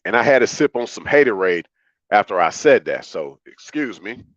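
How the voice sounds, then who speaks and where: A man's voice: lowish voice, lively intonation, fairly quick, a bit bright, no room sound, lo-fi sound. A man hosting a livestream monologue, talking in an emphatic, repetitive, preachy way. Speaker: livestream host.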